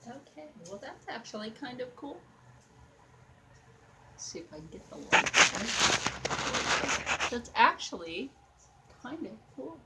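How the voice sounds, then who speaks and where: A woman's voice: fairly high pitch, big pitch swings, takes it slowly, long pauses, noisy background. A young woman chatting casually as she works on a craft project, rambling and talking to her viewers and to a doll. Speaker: craft vlogger.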